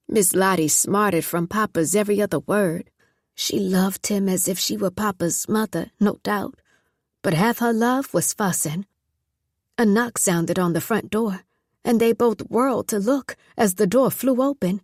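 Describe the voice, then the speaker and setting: A woman narrating an audiobook in a measured, steady storytelling voice. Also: mid-range voice, no room sound, studio quality. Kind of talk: scripted narration.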